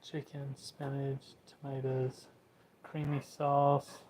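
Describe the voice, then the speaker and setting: A man's voice: medium pitch, completely flat delivery, slow pace, darkish tone, a little hiss or hum, rough recording. A man chatting casually at home, easygoing with dry humor. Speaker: homesteading vlogger. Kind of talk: casual chat.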